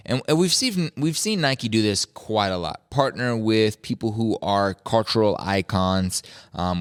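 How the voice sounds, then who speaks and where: Man, podcast host, low smooth voice, relaxed slangy riffing. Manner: laid-back, slangy, opinionated riffing. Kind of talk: casual chat.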